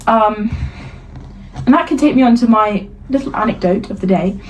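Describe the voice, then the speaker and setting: A woman's voice: mid-range voice, moderate pace, highs cut off, slight background noise. A young woman with a British accent, co-hosting a podcast in casual chat, ranting with lots of swearing and laughter. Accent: British English. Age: young adult. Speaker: podcast co-host.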